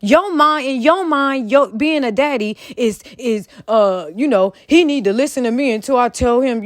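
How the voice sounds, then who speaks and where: Woman, high voice, heated profane rant, scolding, dry close sound. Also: moderate pace, hardly any pauses, dry recording. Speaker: commentary vlogger. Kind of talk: opinion rant.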